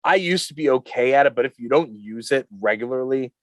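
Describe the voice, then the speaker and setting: A man's voice: medium pitch, a little fast, slight background noise. A man co-hosting a podcast in loose, rambling, profane chat with plenty of fillers. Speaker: podcast co-host. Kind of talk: casual chat. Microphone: studio mic.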